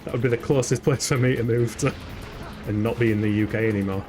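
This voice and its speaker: A young English man with a Yorkshire accent talks through a live game stream, easygoing and chatty, answering viewers and cursing at the screen. His voice sits at an ordinary middle pitch, with faint game music underneath. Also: steady tone, fast. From England. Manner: chatty, laughs often, swears, answers chat aloud. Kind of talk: casual live-stream chat while gaming.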